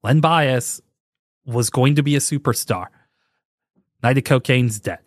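A man in his forties hosting a podcast, rambling and joking with animated emphasis. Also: medium pitch, a little slow, no echo, studio quality. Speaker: podcast host. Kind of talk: casual chat.

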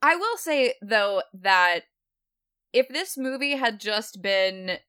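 A woman hosting a podcast in casual chat, laughing easily and unhurried. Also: mid-range voice, expressive, sharp tone, clear, resonant tone, dry recording, clean studio sound. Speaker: podcast host.

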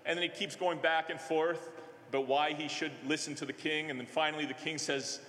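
A male minister preaching a sermon in a conversational way, halting often with fillers and restarts. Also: fairly high pitch, steady tone, a bit bright. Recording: echoey hall with long reverb.

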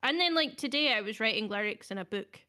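A woman's voice: a little high, animated, fast talker, pushed and bright. Hesitant young woman hosting. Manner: hesitant, lots of ums, self-deprecating. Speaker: podcast host. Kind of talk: casual chat.

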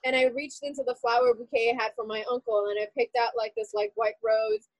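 A woman telling a painful personal story in an interview, animated and full of "like" fillers. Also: a little high, a little fast, no room sound, rough recording. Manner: animated, heavy use of "like" fillers.

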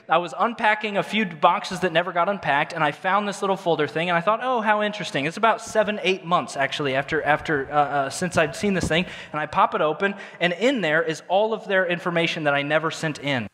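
A man preaching a storytelling sermon as pastor, animated and self-mocking, often restarting his sentences. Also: sits high. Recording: long hall reverb from a large room.

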